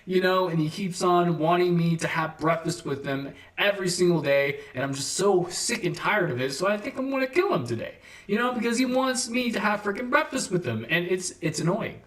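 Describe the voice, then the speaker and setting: A man's voice: sits high, animated, brisk, hardly any pauses, a bit bright, voice pushed up. A man voicing an irritable, fed-up man who snaps at an annoying caller, in a raised, exasperated voice.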